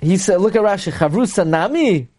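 A man teaching a Talmud class, reading Aramaic lines and explaining them with lively retelling. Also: high voice, fairly quick, slightly rough. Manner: reads Aramaic then explains in English, animated.

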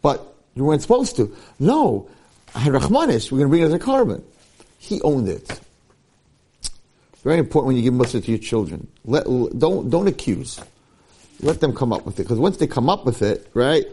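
Animated rabbi with a lively voice. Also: male voice, fairly quick, pauses often. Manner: acts out quoted dialogue with sudden jumps in pitch; peppers his talk with Hebrew and Yiddish terms. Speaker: rabbi giving a Torah class. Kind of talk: animated Torah lecture.

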